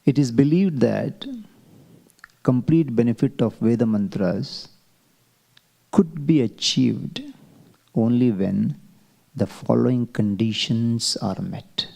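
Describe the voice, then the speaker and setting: A man teaching a Vedic chanting class, explaining slowly and asking rhetorical questions. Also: medium pitch, creaky, warm tone. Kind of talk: classroom lecture.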